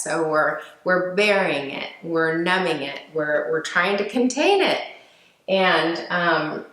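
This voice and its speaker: A woman speaks slowly and gently in a fairly low voice, with many fillers and restarts as she teaches. Her voice rings in an echoey room. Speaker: speaker on emotional healing. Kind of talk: reflective teaching talk.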